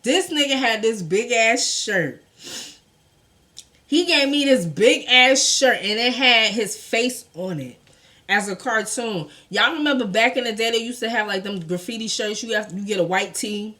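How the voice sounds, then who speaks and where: A woman's voice: a little high, unhurried, bright, forceful tone. A woman from New York with a New York accent, telling a storytime tale in a blunt, profane way, talking straight to the viewers. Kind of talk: casual storytime vlog.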